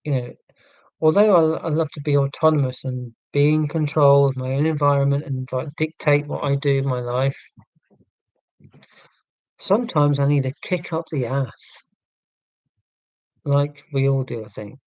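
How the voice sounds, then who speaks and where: Mellow musing man on a live stream. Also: medium pitch, steady tone, moderate pace, pauses often, dry recording, lo-fi sound. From southern England. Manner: musing, tangential, self-deprecating. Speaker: livestream host reading chat. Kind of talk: casual live chat.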